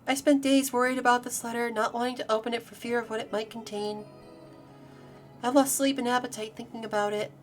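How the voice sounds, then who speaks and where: A woman streamer reading a visual novel aloud, voicing a weary, guarded grown woman bartender in a low, subdued delivery with sighs. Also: steady tone, brisk, faint music behind, lightly acted. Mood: bitter. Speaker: VTuber streamer.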